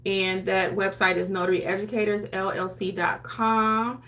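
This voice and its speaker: Bright-voiced chatty woman teaching notaries. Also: medium pitch, flat delivery, normal speed. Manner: chatty, conversational, acts out clients' lines. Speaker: notary educator and YouTube host. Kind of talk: casual teaching talk to camera.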